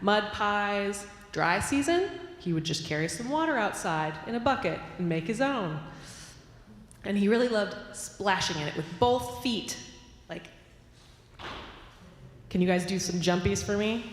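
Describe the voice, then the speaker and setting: A woman minister telling a story in a sermon, playful and animated, in a church sanctuary. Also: mid-range voice, measured pace. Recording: echoey hall with long reverb, faint ambience.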